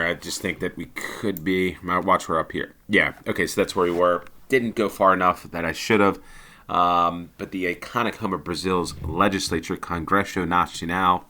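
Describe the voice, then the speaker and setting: Male gameplay commentator, deep and crisp-edged, casual, hesitant, lots of ums. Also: pushed and bright. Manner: thinking aloud, hesitant with many ums. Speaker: game commentator.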